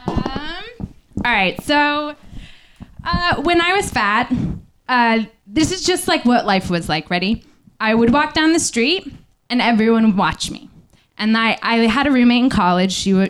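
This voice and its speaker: On stage at a small live venue, a woman shares a personal story into a stage microphone, candid and halting with many fillers. Her voice is a little high, animated, clear and resonant.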